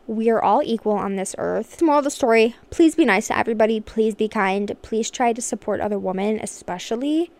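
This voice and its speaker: A woman's voice: fairly high pitch, a little fast, hardly any pauses, a little mellow. Chatty sarcastic young woman podcaster. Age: 20s. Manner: chatty and sarcastic, talks straight to listeners. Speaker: podcast host. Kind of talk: casual chat monologue.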